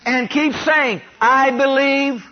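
A man from Ohio preaching a sermon, having the congregation repeat declarations after him and rising louder on each one. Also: very high voice, steady tone, slow pace. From Ohio, USA. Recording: dull lo-fi sound.

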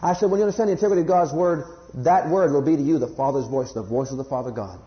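A man preaching a sermon to a congregation, swinging from loud high emphasis to hushed low scripture quotes and sometimes stumbling over words. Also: fast talker, reverberant, highs cut off. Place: church congregation.

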